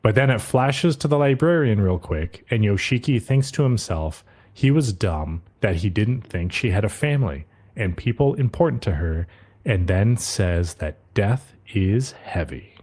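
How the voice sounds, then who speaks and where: A man co-hosts a podcast and walks through an anime episode scene by scene in a casual recap. His pitch rises and falls a lot as he tells it, and he keeps slipping in quick quoted asides. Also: expressive, a little mellow, breathy edge. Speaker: podcast co-host.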